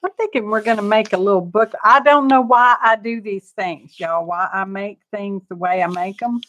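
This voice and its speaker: A woman's voice: mid-range voice, normal speed, fairly bright tone. A woman, chatting homily and rambling to her viewers as she works through a live craft demonstration. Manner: homey, rambling, talks to herself and viewers while working. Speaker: crafting channel host.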